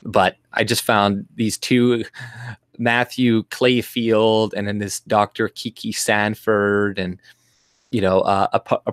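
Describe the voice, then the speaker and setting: Low-voiced man ranting on a stream. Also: no echo, studio quality. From Canada. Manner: rambling, profane, with frequent restarts and mocking mimicry. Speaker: livestream host. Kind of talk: casual political livestream rant. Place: home room.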